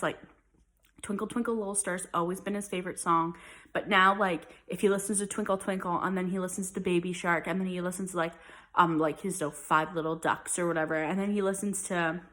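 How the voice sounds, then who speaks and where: A woman's voice: on the low side, sharp tone. A young woman chatting casually in a vlog, rambling with lots of fillers. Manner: chatty and rambling, many likes and ums. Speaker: mom vlogger. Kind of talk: casual chat.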